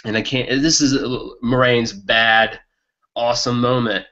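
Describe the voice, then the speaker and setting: A man co-hosting a casual book podcast, talking with excitement and laughing often. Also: mid-range voice, unhurried. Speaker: podcast co-host. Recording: muffled lo-fi podcast audio.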